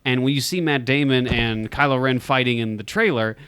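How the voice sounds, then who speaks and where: A man's voice: medium pitch, a little fast, fairly bright tone, clear, resonant tone, no room sound. A young man co-hosting a podcast, chatting casually and enthusiastically about films, with many "like"s. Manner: enthusiastic, fills speech with "like". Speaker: podcast co-host. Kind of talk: casual movie chat.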